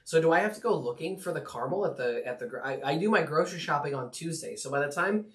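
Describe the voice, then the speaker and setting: A man's voice: on the high side, expressive, fast talker, fairly bright tone. A man with a Midwestern US accent, co-hosting a casual live stream at home, joking around and reading viewer comments. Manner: jokey, chatty, playful wordplay. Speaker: co-host reading the live chat.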